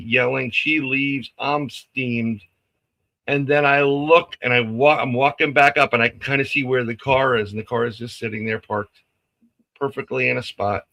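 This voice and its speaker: A man's voice: mid-range voice, moderate pace, creaky, rough recording. A man casually telling a story on a live stream, acting out the lines of people in it and laughing often. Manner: animated, acts out quotes, laughs often.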